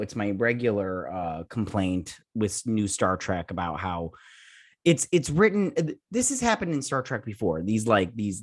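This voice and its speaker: A man's voice: lowish voice, dry recording, studio quality. A man hosting a casual spoken review, rambling and frustrated, with lots of restarts and fillers. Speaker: YouTube review host.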